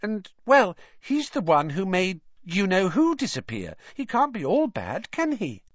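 An anxious young schoolgirl, played by a man, sounds uncertain in a voice pitched very high and lively. The storybook audio is dry and muffled. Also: measured pace, no room sound, full character voice. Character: anxious, kindly schoolgirl with pigtails.

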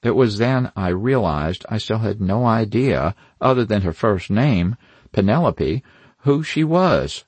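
A man's voice: fairly low pitch, animated, measured pace, darkish tone, husky, no room sound. A man narrating a first-person crime novel in a wry, hard-boiled manner with dry asides. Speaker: audiobook narrator.

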